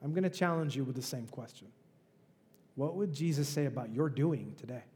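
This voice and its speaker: A man's voice: mid-range voice, a little fast, a little mellow, in a large hall. A male pastor preaching a sermon in a conversational, emphatic way, with rhetorical questions. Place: church.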